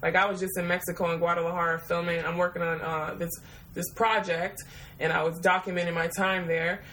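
A woman's voice: lowish voice, little pitch movement, brisk, a bit bright, slight background noise, poor audio. Profane, laughing woman telling a story. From Detroit, USA. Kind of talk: casual storytelling.

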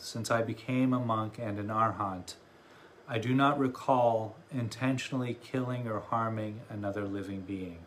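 A man's voice: medium pitch, a little hiss or hum, natural voice. A man voicing Angulimala, a remorseful monk. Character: Angulimala, remorseful male monk, former killer.

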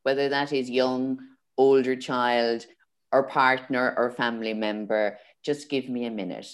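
Very deep-voiced middle-aged woman host. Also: steady tone, a little slow. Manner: earnest, chatty, laughs easily. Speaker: podcast host. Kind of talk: casual conversation.

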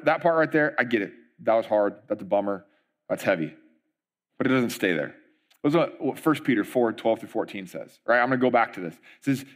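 A middle-aged man preaching a sermon as pastor, conversational and animated, with frequent asides. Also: medium pitch.

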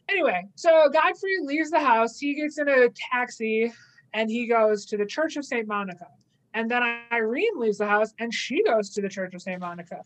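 A woman's voice: a little high, animated, normal speed, rough recording. A young adult woman in casual chat, animatedly recapping an episode and slipping into playful quoted asides. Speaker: podcast co-host.

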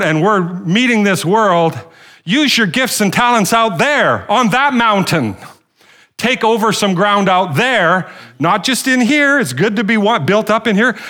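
A man preaching a sermon, rallying the congregation with questions and calls for amen, often restarting and repeating phrases. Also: on the high side. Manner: animated preaching with call-and-response to the congregation. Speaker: pastor.

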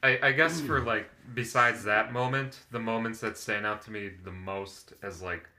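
A young man co-hosting a podcast thinks out loud in a casual chat. His low voice has a very bright, cutting edge, and he hesitates and restarts as he searches for words. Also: normal speed. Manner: hesitant, restarts and fillers while thinking aloud. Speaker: podcast co-host.

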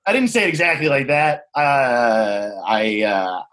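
A man telling a personal story in a frank, reflective way, swearing freely and pausing to find his words. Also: mid-range voice, very animated, background noise. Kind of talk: candid conversational storytelling.

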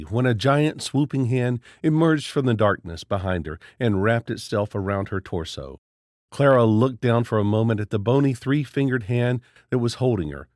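A man reading a horror story aloud as narrator in a steady, dramatic storytelling manner. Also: medium pitch, no echo, clean studio sound.

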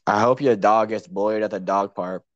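A teenage boy in middle school, chatting on a podcast and cracking goofy deadpan jokes. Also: lowish voice, moderate pace, dry recording, lo-fi sound. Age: teens. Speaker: podcast co-host. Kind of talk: casual chat.

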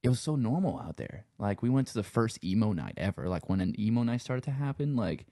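A man's voice: fairly low pitch, sing-song, fairly quick, warm tone, no room sound, clean studio sound. A man from Louisiana with a Cajun accent, chatting casually as a guest and peppering his talk with swearing and "you know". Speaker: guest, sound engineer and musician. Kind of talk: casual interview chat.

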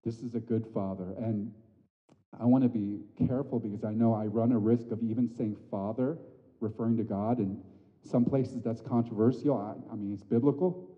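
Animated preacher in a reverberant church. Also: male voice, lowish voice, moderate pace. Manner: animated, swings from loud emphatic peaks to soft hushed lines. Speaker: pastor. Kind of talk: sermon. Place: church sanctuary. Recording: dull audio with long hall reverb.

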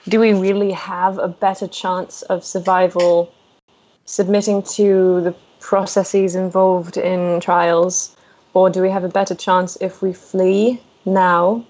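A woman's voice: mid-range voice, darkish tone, poor audio. Hesitant woman player thinking aloud. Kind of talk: casual role-play chat.

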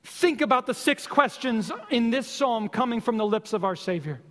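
Male pastor, very high voice, passionate sermon delivery, long hall reverb. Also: lively intonation, a bit bright. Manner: impassioned, repetitive exhortation with slow emphatic stresses.

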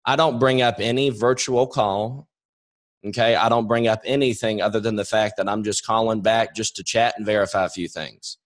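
A young man coaching his sales team over a webinar, with a voice that sits a little low. He gets his points across directly, says them more than once, and plays out both ends of a phone call himself. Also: steady tone, normal speed. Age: young adult. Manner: direct, repeats points, acts out phone calls.

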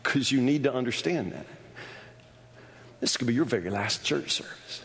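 Stammering pastor in a reverberant church. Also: male voice, medium pitch, lively intonation, moderate pace. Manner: stammering restarts, building to shouts. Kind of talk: sermon. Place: church sanctuary. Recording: long hall reverb.

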